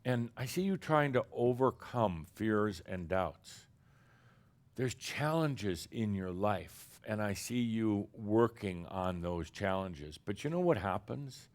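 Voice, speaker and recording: Expressive and on the low side, a man channels an entity as a spiritual teacher, speaking to his audience as "dear human." He's playful and theatrical, shifting between forceful loud bursts and quiet, lingering phrases.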